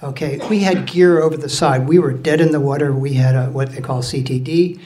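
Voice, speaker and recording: A man's voice: fairly high pitch, fairly even intonation, brisk, dark tone, slight background noise. A man in his sixties tells a story live on stage, bluntly and with some swearing, laughing through his own telling. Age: 60s. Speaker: storyteller recounting his time as a ship's officer.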